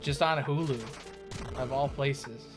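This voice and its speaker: A man's voice: medium pitch, fairly even intonation, takes it slowly. A man streaming a game and chatting casually with his viewers, rambling and restarting his sentences as he goes. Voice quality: rambling, talks to chat with many restarts. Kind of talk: casual live-stream chat while gaming. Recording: game music playing loudly underneath. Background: video game music.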